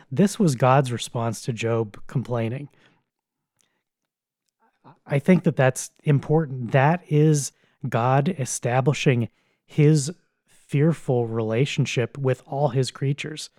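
A man's voice: medium pitch, unhurried, a little mellow, no echo, clean studio sound. Man giving a casual Bible talk. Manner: conversational, blunt, occasional chuckles. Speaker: Bible teacher.

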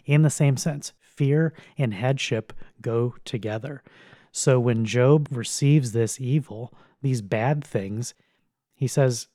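A man's voice: mid-range voice, a little mellow, dry recording, clean studio sound. A man teaching on a Bible passage in a casual, conversational and blunt way, with occasional chuckles.

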